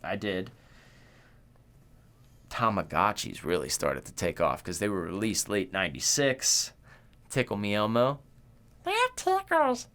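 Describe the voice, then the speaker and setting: A man co-hosting a podcast in loose, joking casual chat, sometimes profane. His voice sits a little low. He talks in easy, rambling runs. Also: a little slow, pauses often, fairly bright tone. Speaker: podcast co-host.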